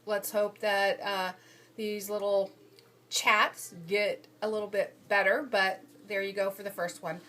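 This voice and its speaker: A woman's voice: mid-range voice, little pitch movement, measured pace, bright, forceful tone. Hesitant woman summarizing articles. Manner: hesitant, frequent ums and restarts. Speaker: human resources student reviewing journal articles. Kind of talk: casual spoken summary of readings. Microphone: phone camera.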